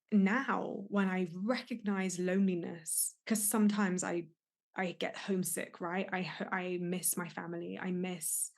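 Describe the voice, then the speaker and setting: A woman's voice: lowish voice, darkish tone. A young adult woman hosting a solo podcast, talking candidly and with emotion, often restarting her sentences as she reflects. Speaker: podcast host and life coach.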